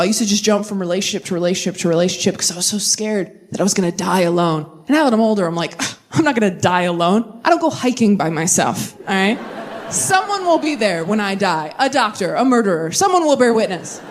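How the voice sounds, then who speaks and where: Animated woman doing stand-up. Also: fast talker, slight background noise. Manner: animated, swinging into high-pitched voices for quoted friends. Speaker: stand-up comedian. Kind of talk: stand-up comedy set.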